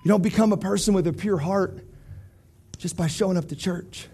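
A man giving an animated youth sermon, talking straight to teenagers and swinging from hushed to loud. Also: high-pitched, moderate pace, slightly rough. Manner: addresses teens directly. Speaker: youth pastor.

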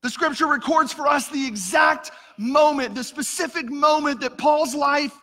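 A middle-aged pastor preaches a sermon in a church sanctuary, earnestly sharing a personal story and calling the congregation "church." His voice is very high-pitched, pushed and bright, at a normal speed, with the long reverb of a church hall.

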